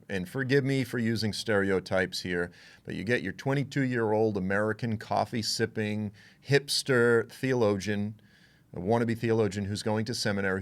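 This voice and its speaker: A man giving a conversational Bible teaching, frank and animated, acting out what others would say. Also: fairly low pitch. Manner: animated, frank, with asides and quoted voices.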